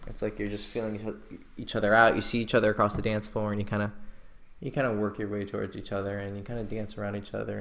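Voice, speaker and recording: Male dating coach, low gravelly voice, passionate, curses freely. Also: a bit bright. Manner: passionate, swears casually, acts out sample pickup lines. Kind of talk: instructional talk to camera.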